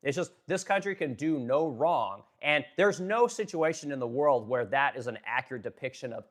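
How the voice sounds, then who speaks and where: A furniture business owner hosts a casual political live stream, talking bluntly with heavy swearing and lots of fillers. His medium-pitched voice is expressive and moves at a moderate pace.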